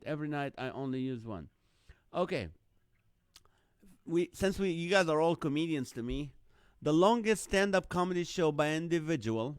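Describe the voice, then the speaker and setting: A man's voice: on the high side, clear, resonant tone, no echo, clean studio sound. Chuckling man hosting a live stream. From Middle East. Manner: jokey, laughs often, chuckling while reading names and numbers. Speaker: host of a live online show. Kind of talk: casual live-stream chat reading viewer comments.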